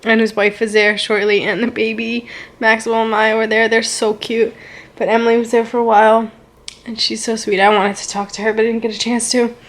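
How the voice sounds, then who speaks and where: A woman's voice: fairly high pitch, little pitch movement, fairly quick. A young woman telling a casual storytime vlog, gushing and rambling, with lots of "like" and "so good". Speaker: vlogger.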